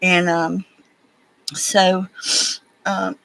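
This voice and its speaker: A woman with an Alabama accent hosts a relaxed beading livestream. She talks in a folksy, rambling way, telling stories and fussing at her beads as she works. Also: fairly low pitch, extremely slow, creaky, no room sound, poor audio. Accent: Southern US (Alabama). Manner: folksy, rambling, chatty storyteller. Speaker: livestream host. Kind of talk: casual chat while beading.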